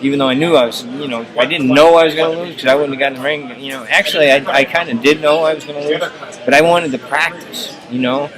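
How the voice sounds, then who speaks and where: A man's voice: on the high side, quick pace, crowd noise, low-quality recording. A man casually telling rambling personal stories, full of "you know" fillers. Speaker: storyteller. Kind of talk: casual anecdotes.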